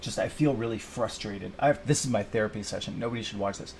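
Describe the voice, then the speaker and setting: A man's voice: lowish voice, fast talker, gravelly, a little mellow, a little hiss or hum. A man venting in a rambling personal video, frustrated and swearing, talking to himself. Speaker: vlogger.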